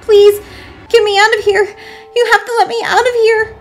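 A shrill, frantic girl in terror. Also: level tone, moderate pace, soft background music. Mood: screaming panic. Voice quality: shrill, broken screaming. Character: panicked young woman, terrified and frantic.

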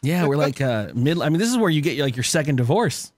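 A man's voice: fairly high pitch, very animated, fast, a little mellow, no echo, studio quality. A man co-hosting a podcast in casual chat, tipsy, laughing and swearing as he rambles. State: tipsy from cocktails. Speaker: podcast co-host.

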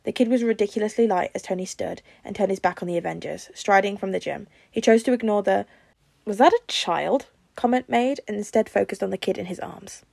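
A woman reads a fan fiction story aloud in an even, storytelling manner. Her voice sits at an ordinary middle pitch. The recording is close and dry, with no room sound. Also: fast talker, gravelly, hardly any pauses, dry recording. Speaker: podfic reader.

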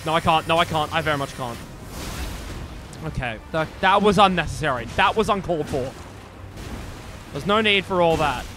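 A man's voice: a little high, moderate pace, long pauses, faint music behind. A man commentating his own gameplay live, swearing and talking back to the game. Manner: profane, excitable, swears at the game. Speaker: streamer.

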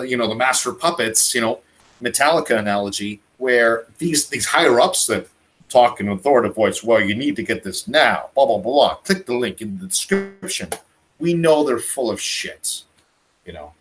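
A man's voice: mid-range voice, fairly bright tone, poor audio. Impassioned Canadian man ranting on a call. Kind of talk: casual podcast chat over video call. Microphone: video call mic.

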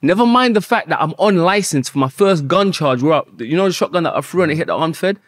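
Husky man telling a story. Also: fairly high pitch, fast, no room sound, clean studio sound. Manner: animated, swears often, acts out quotes. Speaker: podcast guest.

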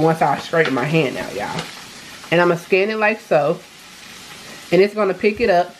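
Woman vlogger, lowish voice, chatty and upbeat, home kitchen, faint noise. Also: rough recording. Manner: chatty and upbeat, addresses viewers as y'all. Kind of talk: casual vlog chat.

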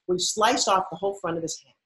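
A woman's voice: mid-range voice, quick pace, fairly bright tone, low-quality recording. Emphatic storytelling woman guest. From New York. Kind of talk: storytelling interview.

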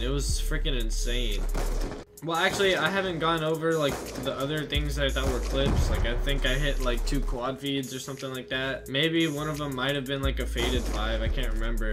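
A young man telling a gaming story as a channel host, rambling casually with lots of fillers. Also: medium pitch. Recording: music playing behind.

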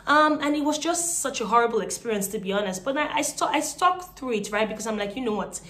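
Woman, twenties, Nigerian accent, casual vlog storytelling, animated, fillers, slightly high voice. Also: quick pace. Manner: chatty, animated, many fillers. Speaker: vlogger.

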